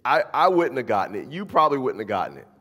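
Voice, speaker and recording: A man's voice: medium pitch, quick pace. A man preaching a sermon in a church hall, talking in a loose, conversational way and often checking in with the listeners. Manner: conversational, animated, asks the listeners "right?". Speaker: pastor. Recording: long hall reverb.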